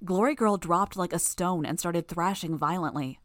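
A woman narrating a first-person audiobook in a steady storytelling manner. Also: lowish voice, normal speed, no room sound, studio quality.

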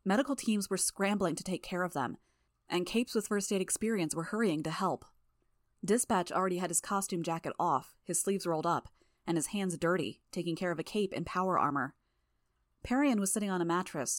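Female audiobook narrator; low, steady first-person storytelling with a dry, close sound. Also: a little fast, no echo.

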